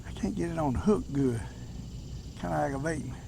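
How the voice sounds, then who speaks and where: A man's voice: on the high side, a little fast, creaky. Folksy older Southern man fishing outdoors. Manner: folksy, chatty, bursts into excited exclamations. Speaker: fishing vlogger. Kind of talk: casual talk to camera while fishing. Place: outdoors on a boat on a lake. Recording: outdoor background noise on a lake.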